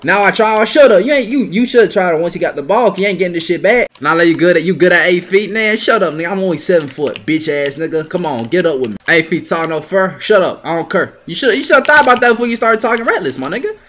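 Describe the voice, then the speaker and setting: A young man with a high, bright voice narrates his gameplay live. His delivery is animated and full of profane trash talk, and he often breaks into yelling. The sound is sharp and forceful throughout. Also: fast talker, few pauses, slight background noise. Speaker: gaming video creator.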